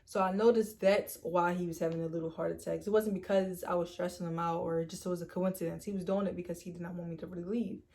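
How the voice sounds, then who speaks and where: A young woman telling a storytime vlog in a chatty, animated way, acting out quoted lines and leaning on "like" and "literally". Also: lowish voice, fast talker, hardly any pauses. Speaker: storytime vlogger. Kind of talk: casual storytime.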